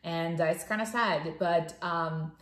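A woman co-hosting a podcast in casual chat, talking in an animated way with many fillers. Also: fairly low pitch, a little slow. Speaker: podcast co-host. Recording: echoey room.

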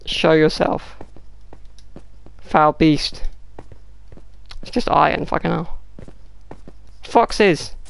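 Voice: mid-range voice, drawn-out words, creaky, pauses often, clean tone, no echo. A gaming YouTuber, giving casual gameplay commentary, muttering to themself, swearing and throwing out mock-dramatic taunts.

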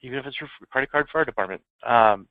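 A man explains security threats in a loose, storytelling way, his words tumbling out quickly. The sound is narrow and tinny, like a phone line, and completely dry with no room around it. His pitch sits in an ordinary middle range. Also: no room sound. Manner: informal anecdotal storytelling. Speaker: security trainer. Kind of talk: conversational training presentation.

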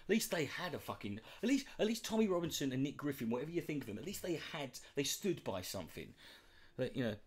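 Male commentator, mocking and sweary, steady mid-range voice. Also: medium pitch, quick pace, husky. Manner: sarcastic, mocking. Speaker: commentator reacting to clips. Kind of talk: sweary comedic rant.

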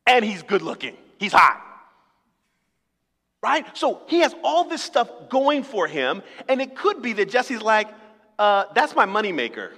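A man's voice: very high voice, big pitch swings, unhurried, bright, forceful tone. A man preaching a sermon as pastor, talking in a conversational, humorous way and acting out little dialogues. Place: church sanctuary. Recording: long reverb of a church hall.

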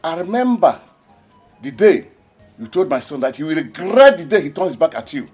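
An actor with a Nigerian accent playing a grieving father who accuses and shouts, repeating his words in a film drama. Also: fairly high pitch, sing-song, moderate pace, husky, faint music behind. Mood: accusing. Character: grieving, furious father of a stricken son.

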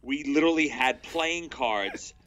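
A man's voice: medium pitch, a little slow, fairly bright tone, rough recording. A man co-hosting a podcast and talking in a casual chat, with an amused, chatty manner and loose phrasing.

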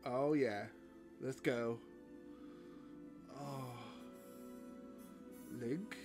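A man's voice: mid-range voice, fairly even intonation, drawn-out words, over loud music. A man hosting a video, reacting to a game trailer with gasps, exclamations and laughter. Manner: gasping exclamations and laughter, shouting when thrilled.

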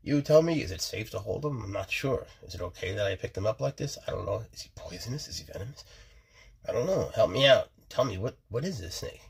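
A laid-back man keeping snakes, chatting casually to the camera and talking softly and coaxingly to his animals. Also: lowish voice, lively intonation, fast, vocal fry, husky. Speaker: snake keeper.

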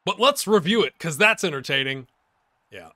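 Lively guy doing let's play commentary, higher pitch, bouncy voice going up and down a lot, yelling then mumbling, jokey with viewers. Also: normal speed. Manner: excitable play-by-play, swinging between shouts and mutters. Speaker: gaming YouTuber.

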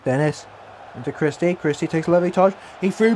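A young man giving live commentary over his own football video game, swinging between gloomy mutters and excited yells at chances. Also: high-pitched, moderate pace, a little hiss or hum. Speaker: gaming YouTuber.

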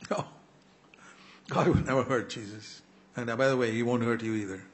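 An older man preaching a sermon in an earnest, pleading way, often clearing his throat. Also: mid-range voice, fairly even intonation, moderate pace. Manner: earnest, pleading, with quoted prayers.

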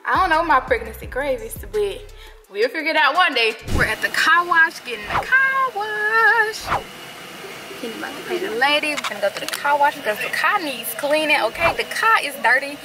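A pregnant young woman co-hosting a casual couple's vlog, playful and slangy, a little out of breath. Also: high voice. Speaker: vlog co-host. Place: in a truck.

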